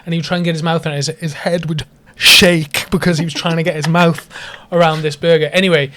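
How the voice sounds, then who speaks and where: A man's voice: on the high side, little pitch movement, quick pace, sharp tone, a little hiss or hum. A man co-hosting a podcast, telling stories with a wry, teasing humor. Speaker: podcast co-host. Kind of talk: casual chat. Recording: close to the mic.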